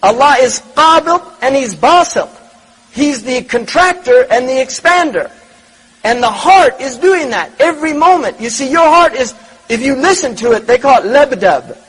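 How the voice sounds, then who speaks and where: A man's voice: extremely high pitch, a bit bright, husky, rough recording. A man giving a religious lecture, reflective, repeating words and asking rhetorical questions. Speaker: Islamic lecturer.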